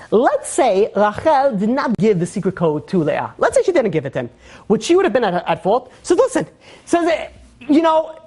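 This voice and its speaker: A woman's voice: fairly high pitch, darkish tone. A woman with a Brooklyn Jewish accent teaching an informal Torah class, conversational and full of restarts and fillers.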